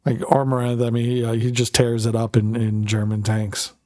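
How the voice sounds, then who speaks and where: A man's voice: medium pitch, completely flat delivery, moderate pace, mellow, no room sound, clean studio sound. A man streaming a tank game, talking casually in a rambling way, full of fillers, and swearing now and then. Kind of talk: casual live gaming commentary.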